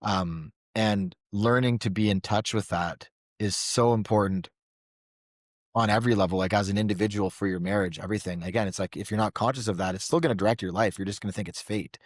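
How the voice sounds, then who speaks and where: Low-ish voiced guy coaching men, earnest, keeps saying right, dry close mic. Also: brisk, dry recording. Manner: earnest, explanatory, with repeated "like" and "right". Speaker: men's coach, podcast guest. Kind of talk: casual podcast conversation.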